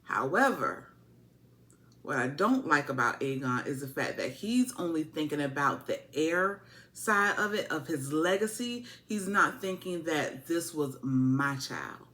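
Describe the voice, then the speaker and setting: A woman giving a casual, animated, colloquial TV episode recap, repeating her points for emphasis. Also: deep voice, unhurried. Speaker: TV show reviewer.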